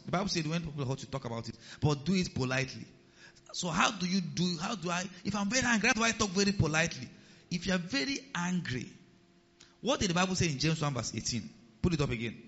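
A pastor, his voice sitting a bit high for a man, preaches with animated swings between loud emphasis and hushed asides. He keeps checking in with his congregation. The sound carries a long hall reverb and a slightly dull, muffled tone. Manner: animated preaching, rising and dropping in loudness, asks the congregation questions. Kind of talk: sermon.

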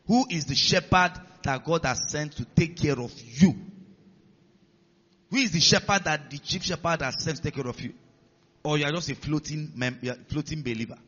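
A man preaching a sermon as pastor, teaching slowly and checking with the congregation through repeated questions. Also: a little high, a bit bright, big-room sound, highs cut off.

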